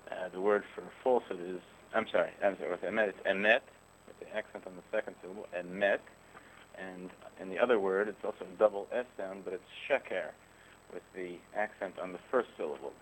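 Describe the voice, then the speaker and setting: A man with a very low, deep voice explains things in a thoughtful, measured way. He pauses often with small hesitations as he works through his points. Faint ambient noise sits behind him. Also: steady tone, rough recording. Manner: thoughtful, measured, frequent "uh" pauses, occasional chuckles. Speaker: guest, rabbinic scholar. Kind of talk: conversational explanation.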